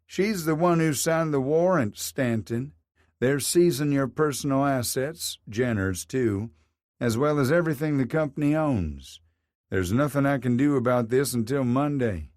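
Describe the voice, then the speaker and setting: A man's voice: medium pitch, a little slow, darkish tone, no room sound, studio quality, pitched above the performer's own voice, lightly acted. A man voicing a weary defense lawyer explaining bad news in a resigned tone. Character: weary middle-aged male defense lawyer.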